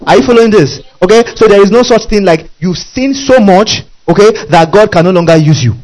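A man preaches with a high-pitched voice. He is animated, keeps asking his listeners questions, and chuckles between phrases. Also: brisk, poor audio. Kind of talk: sermon.

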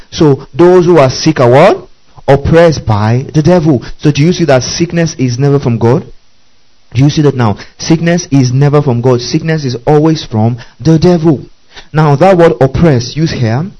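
A man's voice: medium pitch, dark tone, dull audio. A man preaching a teaching sermon, repeating key phrases, spelling words letter by letter and often asking listeners if they follow. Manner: frequent checking questions to listeners.

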